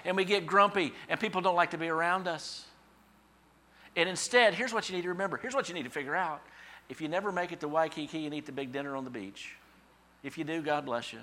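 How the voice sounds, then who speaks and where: A middle-aged man preaching a sermon in a conversational, storytelling way, acting out quoted thoughts in a higher voice. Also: animated, fast, sharp tone. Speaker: pastor.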